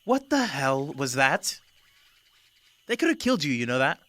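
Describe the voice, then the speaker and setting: Man as an exasperated healer lady, raised, sharp scolding. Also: mid-range voice, moderate pace, no echo, lightly acted. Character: stern, exasperated female party healer.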